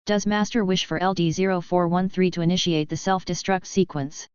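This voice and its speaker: A woman voicing an emotionless female doll robot in a flat, mechanical monotone, as part of an audiobook reading. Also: lowish voice, a little fast, clean tone, no echo, lo-fi sound, lightly acted.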